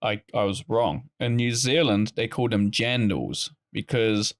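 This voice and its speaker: A man's voice: on the low side, fairly even intonation, measured pace. Jokey man chatting on a podcast. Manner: jokey, slips into mock accents and silly voices. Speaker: podcast co-host. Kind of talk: casual comedic chat.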